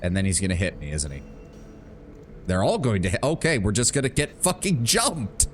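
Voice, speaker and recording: A man's voice: fairly low pitch, big pitch swings, normal speed, slight background noise. A man streaming a video game, chatting casually and wryly, swearing and thinking aloud about the game's rules. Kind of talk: casual let's-play commentary.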